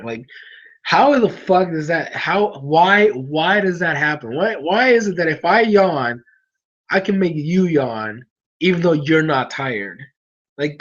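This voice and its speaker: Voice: medium pitch, husky, muffled recording. A streamer talking casually with viewers late at night, sleepy and yawning, rambling along with frequent restarts.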